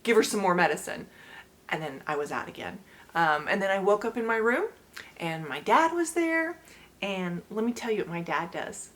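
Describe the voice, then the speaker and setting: A woman in her forties talks straight to camera at a middle pitch, casual and chatty. She laughs often as she tells her story and addresses her viewers directly. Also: sing-song, moderate pace, a bit bright. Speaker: channel host sharing her story.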